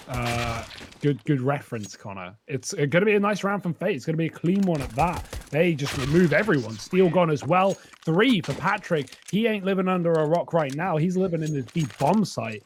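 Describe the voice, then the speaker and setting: A man's voice: a little high, darkish tone, slight background noise. A man giving analytical color commentary on an esports match, talking through stats and strategy with frequent fillers.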